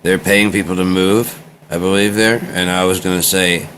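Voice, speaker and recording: Man, American accent, very deep voice, meandering casual talk, trailing off, faint background hum. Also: fairly even intonation, normal speed, few pauses, a bit bright. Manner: meandering, drifting between topics, trailing off. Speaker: vlogger recording a personal journal. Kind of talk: rambling casual monologue.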